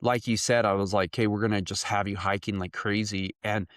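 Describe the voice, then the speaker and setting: A man hosting a podcast in casual interview chat, excitable and laughing a lot as he talks in quick bursts. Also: on the low side, no room sound, clean studio sound. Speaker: podcast host.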